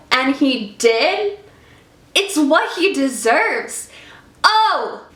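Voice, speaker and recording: Woman book vlogger, fairly high voice, unhurried and gushing, recorded in an echoey room. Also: sing-song, a bit bright. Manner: effusive, emotional, chatty. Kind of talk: casual book review vlog.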